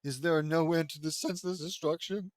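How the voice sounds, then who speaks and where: A man's voice: on the high side, steady tone, fairly quick, no echo. A man reading a fan fiction story aloud, stumbling over lines and breaking off to mock the writing. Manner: stumbling, sarcastic asides, laughs at the text. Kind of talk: mocking dramatic reading with commentary.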